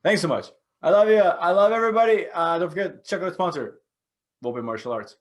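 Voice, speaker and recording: Excitable man in his forties hosting. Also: brisk. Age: 40s. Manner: enthusiastic, rambling, with sudden excited jumps in pitch. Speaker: podcast host. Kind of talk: casual solo podcast monologue.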